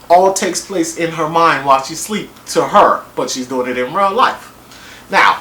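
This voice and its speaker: A young man giving a casual, jokey review of a TV episode, rambling with lots of fillers and sudden jumps in pitch. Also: a bit bright. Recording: echoey room with faint background hiss.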